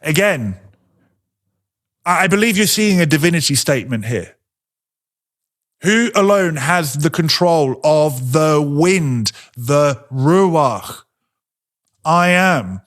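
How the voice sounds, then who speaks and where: A man teaching a sermon in a conversational way, asking rhetorical questions and slowing down to stress his points. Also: a little high, expressive, fairly bright tone.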